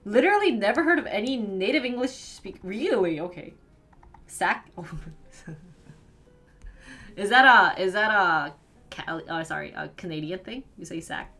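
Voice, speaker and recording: A woman's voice: mid-range voice, animated, normal speed, pauses often, bright, forceful tone, faint music behind. A young woman streamer from the northern United States, chatting casually with her viewers, giggly and full of "like". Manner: chatty, giggly, fills talk with "like". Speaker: live streamer. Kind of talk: casual chat with live viewers.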